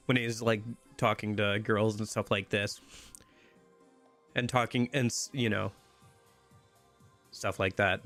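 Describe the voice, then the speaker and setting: A man's voice: on the low side, slow pace, long pauses, a bit bright, faint music behind. A man casually commenting while he plays a video game, rambling with many fillers. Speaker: streamer playing a game. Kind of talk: casual let's-play commentary.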